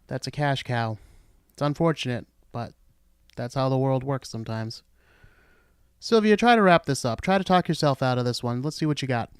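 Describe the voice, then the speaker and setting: A man's voice: medium pitch, normal speed, smooth, no echo. A man hosting a podcast, giving blunt, sarcastic commentary. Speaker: podcast host.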